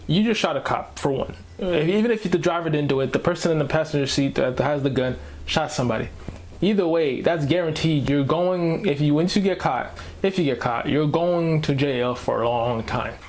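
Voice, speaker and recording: A man's voice: a little high, moderate pace. Slangy, fired-up man ranting. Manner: slangy, animated, repeats himself. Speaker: reaction video host. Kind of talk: casual ranting commentary.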